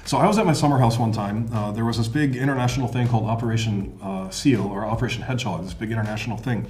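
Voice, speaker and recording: Fast-talking American man telling stories. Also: fairly low pitch, a little mellow, echoey room. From United States. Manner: storytelling, playful, laughs easily. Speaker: podcast co-host. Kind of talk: casual chat.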